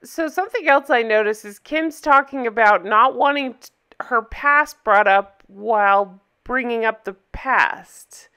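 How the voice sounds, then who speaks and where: A woman's voice: fairly high pitch, unhurried, bright, forceful tone, clear, resonant tone. A woman hosting a reaction video, talking casually with sarcastic disbelief. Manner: sarcastic, incredulous. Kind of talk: casual commentary.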